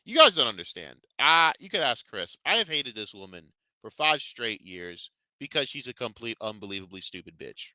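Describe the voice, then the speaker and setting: A man rants through a profane commentary chat, heated and mocking. His voice is sharp and bright and swings widely in pitch. The sound is close and dry. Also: sing-song, normal speed, hardly any pauses, no room sound. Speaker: podcast host.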